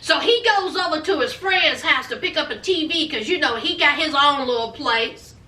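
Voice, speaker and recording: Sassy high-voiced woman gossiping. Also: moderate pace, pushed and bright, distant mic. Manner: sassy, calls listeners honey and child; chatty gossipy storytelling with laughs. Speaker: show recap host. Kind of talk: casual reality-show recap. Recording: roomy echo, voice off-mic.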